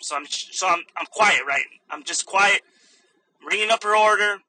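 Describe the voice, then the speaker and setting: A young adult man and stand-up comedian, telling a story in a casual vlog with lots of swearing and animated impressions. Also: high-pitched, a little fast, poor audio.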